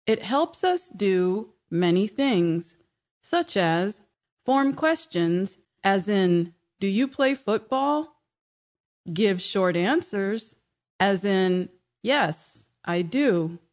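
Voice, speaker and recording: A woman teacher talks slowly and deliberately through a scripted language lesson. She gives each example sentence careful, clear stress, keeping her voice at a moderate middle pitch. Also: lively intonation, a little mellow. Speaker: English teacher and show host.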